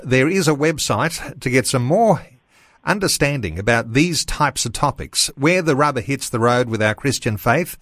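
Male radio host, dry close studio mic, measured and unhurried, lots of "uh" fillers. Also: mid-range voice, fairly bright tone, no echo. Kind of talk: radio interview on faith.

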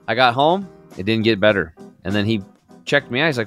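A man in his fifties, a podcast guest, telling his story in a lively, outgoing way with plenty of fillers. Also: lowish voice, a little fast, faint music behind. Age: 50s. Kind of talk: casual storytelling.

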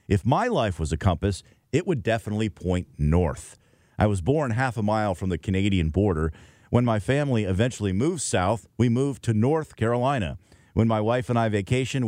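A middle-aged man with a low voice that rises and falls a great deal as he reads a lyrical, reflective commentary. The studio sound is dry and close. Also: a little mellow, dry recording. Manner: wistful, measured, lyrical. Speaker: host.

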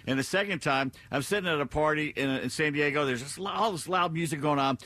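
Bright-voiced older male radio co-host. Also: on the high side, quick pace, no room sound. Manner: animated anecdote telling, acts out quotes. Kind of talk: talk radio storytelling. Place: radio studio. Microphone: studio microphone.

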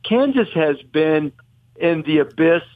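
A man's voice: fairly high pitch, animated, measured pace, no echo. A man debating college football as a podcast guest, rambling and correcting himself as he argues his point. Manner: rambling, self-correcting, opinionated. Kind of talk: casual sports debate. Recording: tinny phone-like line.

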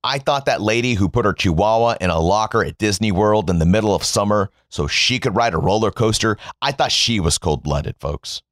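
A man from the United States delivers a biting, sarcastic rant straight to his viewers, swearing freely. His pitch swings widely as he mocks and jabs, and the recording is dry and close, with no room sound. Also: expressive, fairly quick, hardly any pauses, a bit bright, dry recording. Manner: sarcastic, profane, addresses viewers as "folks". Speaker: political commentator. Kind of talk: sarcastic commentary monologue.

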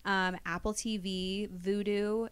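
A woman's voice: mid-range voice, little pitch movement, takes it slowly, clean tone. Chatty thirty-something woman guest. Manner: chatty, rambling, full of "like" and "you know". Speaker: actress, interview guest. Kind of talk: casual chat.

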